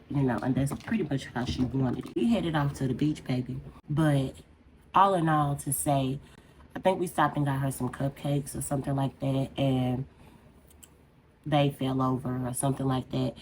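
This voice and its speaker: A woman with a strikingly low, deep voice vents in a loose, rambling way as she does her makeup on camera. Her talk is conversational and heartfelt, with steady room noise audible underneath. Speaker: beauty vlogger. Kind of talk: casual venting while doing makeup.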